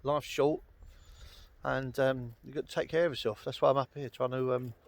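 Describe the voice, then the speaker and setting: A Londoner vlogging outdoors on a Welsh hillside chats and rambles with lots of ums and uhs while dogs are nearby. His mid-range voice is creaky, with fairly even intonation and a normal speed.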